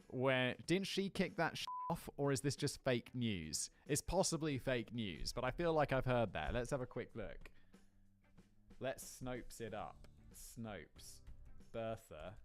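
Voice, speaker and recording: A man's voice: fairly high pitch, clean tone. A man hosting a comedic commentary video, reading a script with casual, sweary, rambling asides. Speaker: video host.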